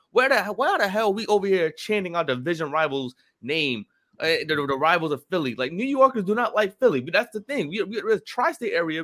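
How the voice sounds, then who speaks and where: A man's voice: mid-range voice, fairly bright tone. A young man, co-hosting a sports talk show and ranting passionately about trades.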